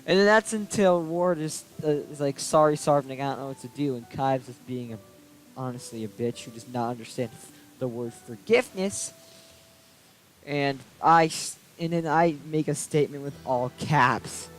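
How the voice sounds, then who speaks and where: A man's voice: a little high, moderate pace, poor audio. Ranting young man telling a grudge story. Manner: aggrieved, ranting, swears freely. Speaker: vlogger. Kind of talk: casual storytime rant. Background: soft background music.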